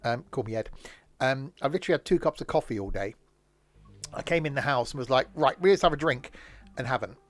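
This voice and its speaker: A hoarse man chatting casually as he streams a train game, rambling with plenty of fillers and self-corrections. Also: mid-range voice, lively intonation, a little fast, no echo. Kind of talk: casual live-stream commentary.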